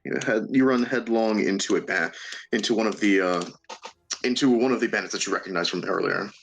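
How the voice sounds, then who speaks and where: A man narrating as game master of a tabletop game, halting, with many fillers and restarts, often laughing. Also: fairly low pitch, creaky, a bit bright, husky.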